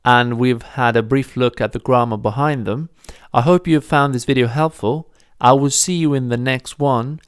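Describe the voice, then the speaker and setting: A man teaching a video lesson, patiently explaining grammar step by step and repeating phrases slowly. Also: mid-range voice, clear, resonant tone, no echo, clean studio sound. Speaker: Italian language teacher.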